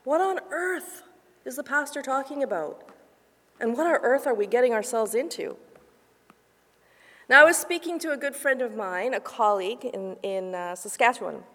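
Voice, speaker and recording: A woman pastor preaching a sermon, telling a story with lively asides and hushed, quiet narration. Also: a little high, moderate pace. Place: church sanctuary. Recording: long reverb of a church hall.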